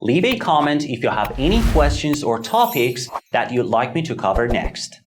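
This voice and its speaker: A man's voice: medium pitch, sing-song, normal speed, reverberant, a little hiss or hum. A man teaching English pronunciation in a scripted lesson, enunciating carefully and repeating model words.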